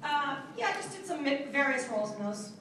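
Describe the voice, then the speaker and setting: A woman voice actress fields fan questions in a high, chatty voice, laughing and joking at her own expense. She is heard from a distance in an echoey convention hall with a crowd behind. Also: animated, a little fast. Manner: chatty, laughs often, self-mocking. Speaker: voice actress, panel guest. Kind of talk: casual convention Q&A.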